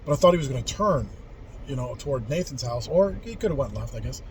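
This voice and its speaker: A man's voice: medium pitch, expressive, fast talker, a little hiss or hum, poor audio. A man in his forties casually telling a story from his youth, rambling and candid, with frequent swearing and restarts. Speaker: vlogger telling life stories.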